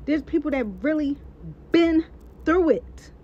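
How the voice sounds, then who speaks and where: A woman's voice: high voice, fairly even intonation, measured pace, mellow. A woman giving a heated, emphatic rant and repeating her points for stress. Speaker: social media personality. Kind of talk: impassioned live-stream rant. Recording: dull lo-fi sound.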